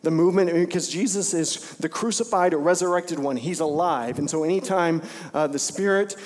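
Animated preaching man in a reverberant hall. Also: moderate pace. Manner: animated preaching, acts out voices with big pitch jumps. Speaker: pastor. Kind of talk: sermon. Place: church sanctuary.

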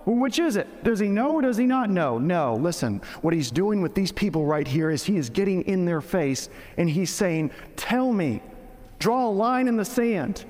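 A man's voice: high-pitched, big pitch swings, normal speed, hardly any pauses, darkish tone, long reverb tail. A man preaching a sermon in a casual, joking way, often restarting his sentences. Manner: conversational, joking, with frequent restarts. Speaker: pastor.

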